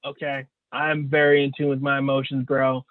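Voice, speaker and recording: A man's voice: medium pitch, monotone, fairly quick, dry recording. A man co-hosting a podcast, talking earnestly in loose, slangy chat. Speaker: podcast co-host. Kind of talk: casual chat. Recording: dry, phone-like sound.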